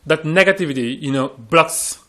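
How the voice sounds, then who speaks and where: Man, earnest English teacher, slightly higher voice, restarts phrases in panel talk. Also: normal speed, pushed and bright. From Senegal. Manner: earnest, repeats words while searching for phrasing. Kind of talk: panel discussion.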